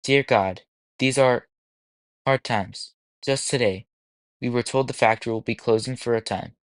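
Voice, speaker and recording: A man reading aloud gives voice to a stooped immigrant father at his wits' end. His words come ragged and sputtering, his pitch sitting in an ordinary middle range. The recording is dry and close. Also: moderate pace, dry recording, natural voice. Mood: despairing. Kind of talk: audiobook character voice.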